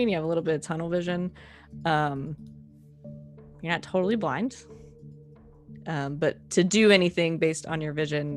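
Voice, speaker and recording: Low-voiced woman running a tabletop game. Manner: casual, halting with many ums and uhs. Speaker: game master.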